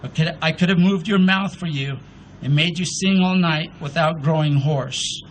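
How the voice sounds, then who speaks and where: A man giving voice to a patient, loving male God speaking to mourners in a measured recitation at an outdoor memorial. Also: a little high, a bit bright, a little hiss or hum, rough recording.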